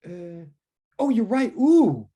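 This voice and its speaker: A woman's voice: medium pitch, very animated, takes it slowly, dark tone. A woman teaching a physics lecture over a video call, chatty and self-deprecating, wandering into asides. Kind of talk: online lecture.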